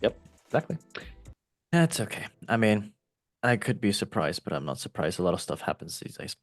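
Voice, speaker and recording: A man's voice: on the low side, big pitch swings, moderate pace, no echo, faint music behind. A man hosting a casual football podcast, reading news items aloud and cutting in with joking asides. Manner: jokey, loose, asides while reading. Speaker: podcast host.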